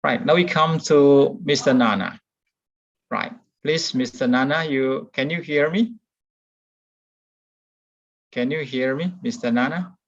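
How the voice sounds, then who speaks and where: Slow-spoken man hosting an online meeting. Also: mid-range voice. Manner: patient, repeats questions. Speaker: meeting host. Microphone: online call. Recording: dull, lo-fi call audio.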